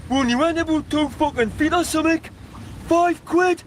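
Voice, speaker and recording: An actor playing a coarse, swearing lad from Newcastle who is lost on a trip to London. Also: male voice, very high voice, moderate pace. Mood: indignant. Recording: street and traffic noise.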